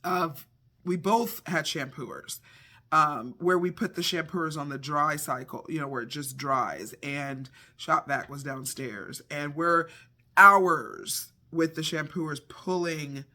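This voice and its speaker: High, bright-voiced animated middle-aged man. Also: slow. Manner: animated, expressive storyteller acting out scenes. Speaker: devotional speaker. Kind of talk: devotional storytelling and scripture talk.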